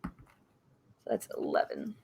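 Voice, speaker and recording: A woman's voice: measured pace, warm tone, a little hiss or hum. A woman playing a tabletop role-playing game, telling an in-character story in a rambling, casual way and swearing freely.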